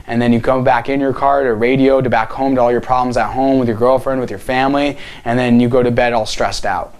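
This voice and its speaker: A man's voice: mid-range voice, steady tone, a little fast, darkish tone, smooth. A man giving an earnest motivational talk to camera as a healing coach, speaking directly and asking many rhetorical questions.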